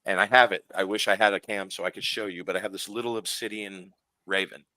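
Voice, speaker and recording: Male guest, low and bright voice, rambling story, close dry mic. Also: fast talker, dry recording. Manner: animated, lots of fillers and restarts. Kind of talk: casual storytelling on a radio show.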